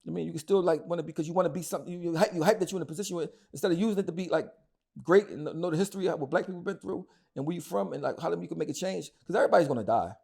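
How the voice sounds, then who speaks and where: A man's voice: a little high, racing, vocal fry, darkish tone, husky. A man, talking bluntly and heatedly as an interview guest, often repeating words as he goes. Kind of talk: casual interview talk.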